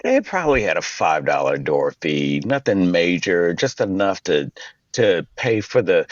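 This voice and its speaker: A man co-hosting a podcast in casual, profane chat, riffing excitedly and slipping into mock voices. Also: sits low, measured pace, dry recording. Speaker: podcast co-host. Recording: dull lo-fi podcast audio.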